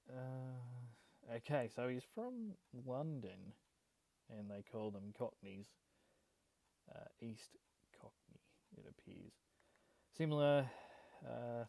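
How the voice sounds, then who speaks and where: An Australian man talks through a gold prospecting vlog in a casual, halting way, reading an old letter aloud. His voice is gravelly and mellow. The sound is close and dry. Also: medium pitch, no echo, poor audio. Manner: casual, hesitant, many ums and restarts.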